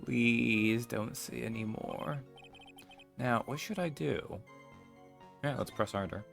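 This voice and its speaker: A man's voice: mid-range voice, slow, vocal fry, fairly bright tone, soft background music. A man voicing an earnest young defense attorney who presses a witness with questions. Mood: pressing.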